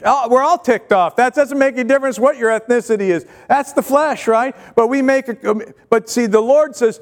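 High-voiced preacher in an echoing hall. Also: male voice, moderate pace, few pauses. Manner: earnest, repetitive, rhetorical questions to the congregation. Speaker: pastor. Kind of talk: sermon. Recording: long hall reverb.

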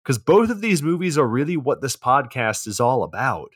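A man's voice: medium pitch, very animated, moderate pace, no room sound, studio quality. A man co-hosting a podcast, retelling a film plot in laid-back casual chat and swearing freely. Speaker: podcast co-host.

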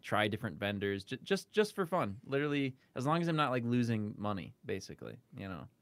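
A man guest on a casual tech podcast, chatty and quick to laugh, with plenty of fillers. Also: medium pitch, sing-song, a bit bright, no room sound.

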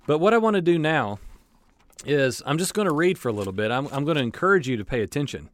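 Man, informal Bible teacher, reads verses and comments, a bit high-pitched, lots of restarts. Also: fast talker, dry recording. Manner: informal, reads scripture then comments with asides; animated, frequent fillers and restarts. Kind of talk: conversational Bible study teaching.

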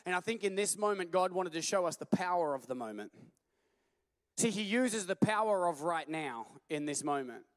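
A man preaching a sermon as a pastor, telling stories animatedly and at times rising to a shout. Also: high voice, expressive, normal speed, big-room sound.

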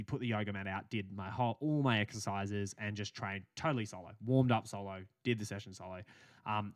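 On a casual podcast, a young adult Australian co-host with a fairly low voice meanders through a story, laughing and swearing casually. The audio has no room sound.

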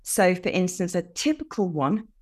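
An older woman, a podcast guest explaining things earnestly with lively emphasis in casual conversation. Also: on the low side, normal speed.

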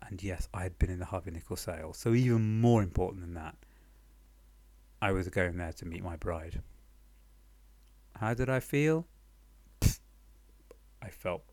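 A young man telling a comic story about his life in a dry, deadpan, understated way, recorded at home. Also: lowish voice, no echo. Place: home apartment.

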